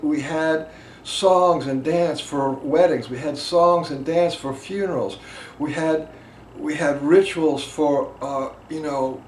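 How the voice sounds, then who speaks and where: Impassioned man teaching in an echoey room. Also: fairly high pitch. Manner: impassioned, swings between loud emphasis and quiet asides. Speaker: emotional release teacher. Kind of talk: teaching talk to a group. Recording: echoey room with faint background noise.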